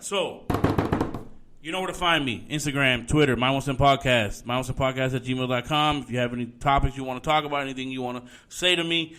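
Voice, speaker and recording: A male podcast host delivers a heated, profanity-laced rant. His voice is forceful and tense. His pitch sits at a middle level for a man. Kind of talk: solo opinion podcast rant.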